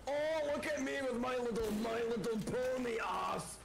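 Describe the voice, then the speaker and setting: A man's voice: very high-pitched, normal speed, creaky. A man putting on the voice of a hot-tempered demolitions man who curses and calls everyone lad. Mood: rowdy. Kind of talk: voice chat impression during online game.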